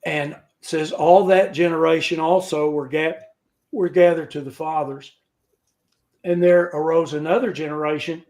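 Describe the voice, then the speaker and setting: A man teaching an informal scripture lesson over a video call, halting and folksy, with joking asides. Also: on the high side, fairly even intonation, darkish tone. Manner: halting, with frequent restarts. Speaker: Bible study teacher.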